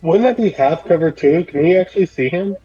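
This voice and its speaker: A man's voice: sits high, a little fast, over music. Man asking rule questions, dull lo-fi mic. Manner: asks rules questions, casual. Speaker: player. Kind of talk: casual chat at a tabletop game.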